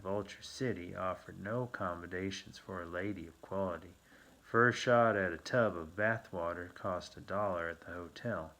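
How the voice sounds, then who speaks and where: A man with a very low, deep voice narrating an adventure novel in the first person. His delivery is measured and steady, like a seasoned audiobook reader.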